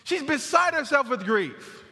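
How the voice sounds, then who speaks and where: High, bright-voiced preacher in a reverberant sanctuary. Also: male voice, sing-song, unhurried. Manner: conversational preaching, repeats phrases for emphasis; drops to a soft near-murmur on tender lines. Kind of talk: sermon. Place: church sanctuary. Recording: long hall reverb.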